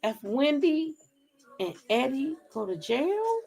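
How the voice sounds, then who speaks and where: A woman's voice: sits high, very animated, slow pace, creaky, darkish tone. A middle-aged woman hosting a gossip channel, chatting frankly with her viewers in a casual live stream, reading their comments and swearing freely.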